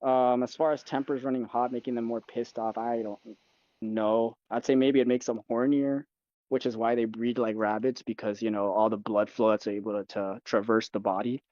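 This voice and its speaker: Guest: young man, loose profane storyteller, mid-pitched, dull lo-fi mic. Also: flat delivery, normal speed, darkish tone, dry recording. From United States. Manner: rambling, profane storytelling full of fillers. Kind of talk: casual chat.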